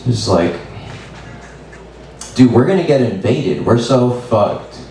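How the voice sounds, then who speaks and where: A man doing open mic stand-up, laid-back and deadpan with lots of swearing. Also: mid-range voice, slow, far from the mic. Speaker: stand-up comedian. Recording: very echoey room, mic from afar, faint noise.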